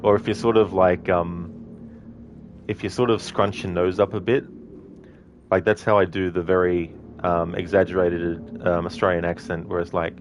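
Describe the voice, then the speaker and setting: A man's voice: sits low, little pitch movement, normal speed, slight background noise. A man giving casual, rambling commentary over a game playthrough, laughing often. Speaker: game streamer.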